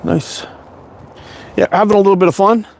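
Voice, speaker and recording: A man's voice: sits high, steady tone, moderate pace, creaky, background noise. A middle-aged man from Canada rambling through a casual livestream chat, swearing freely and laughing often. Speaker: slingshot livestream host.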